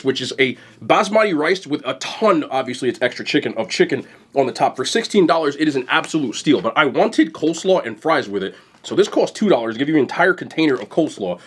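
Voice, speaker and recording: Excited young man with a husky voice. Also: fairly high pitch. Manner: fast, excited talk to camera while eating. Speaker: food vlogger. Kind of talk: casual mukbang vlog.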